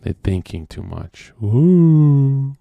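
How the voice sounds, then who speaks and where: A man's voice: fairly low pitch, measured pace, no room sound, phone-quality sound. A man hosting a stream, ranting in a crude, profane monologue and asking "right?" again and again. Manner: mock-quotes people in sudden voice swings. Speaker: streamer host.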